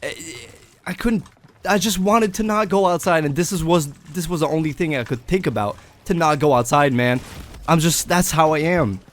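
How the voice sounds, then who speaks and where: A young adult man telling a personal story in a casual vlog, animated and swearing. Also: fairly high pitch, moderate pace. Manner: animated, swearing, breaks into laughter. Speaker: vlogger.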